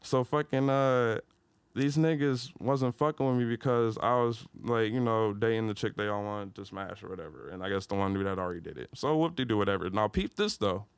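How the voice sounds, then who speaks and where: Here a young Detroit man shares a story as a podcast guest, using laid-back slang and jumping into loud, shrill retellings. He talks a little fast, with a clean tone on a dry recording.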